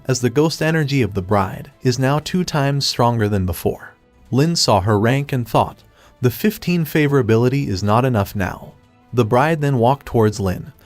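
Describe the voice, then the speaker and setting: A man narrating a scripted comic recap in a steady, even storytelling read. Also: medium pitch.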